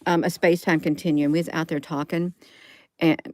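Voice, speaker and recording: A woman talks into her phone in a loose, rambling vlog, thinking aloud and breaking off to restart her sentences. Her voice sits a little low. The sound is dry and close, with no room echo. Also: little pitch movement, a little fast, a little mellow. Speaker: vlogger.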